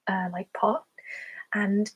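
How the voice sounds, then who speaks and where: A woman's voice: mid-range voice, flat delivery, slow pace, husky, rough recording. A woman from England with a southern English accent, talking casually on a livestream, chatty and giggly with lots of fillers as she answers viewer questions. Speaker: ASMR creator hosting a livestream.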